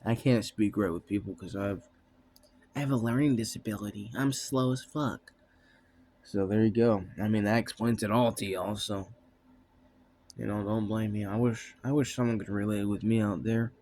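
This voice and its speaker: A young man talking to his viewers in a loose, rambling monologue, his voice sitting a little low. He drifts from thought to thought, trails off mid-sentence and leans on fillers and swearing. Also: fairly even intonation, normal speed, darkish tone, slight background noise. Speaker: vlogger.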